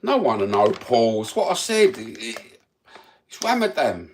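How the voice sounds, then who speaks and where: A man's voice: medium pitch, very animated, unhurried, slight background noise. A man, hosting a casual livestream from home with crude, sweary banter into his phone. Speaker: livestream host.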